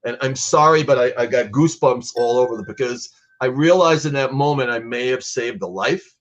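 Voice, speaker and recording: A man's voice: medium pitch, a little fast, muffled recording. A man being interviewed about his art program, talking earnestly and growing emotional as he tells a personal story. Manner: earnest, grows emotional while telling a story. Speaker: guest artist.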